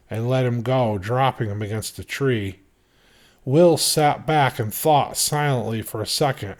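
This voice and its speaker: A man reading a novel chapter aloud in steady, measured narration. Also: medium pitch. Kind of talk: audiobook reading.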